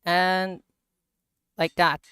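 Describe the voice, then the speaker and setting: A woman streaming a block-building game, talking through the update in slow, halting English with frequent laughter. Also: on the low side, little pitch movement, pushed and bright, clear, resonant tone, dry recording. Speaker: gaming livestreamer. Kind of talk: casual game commentary.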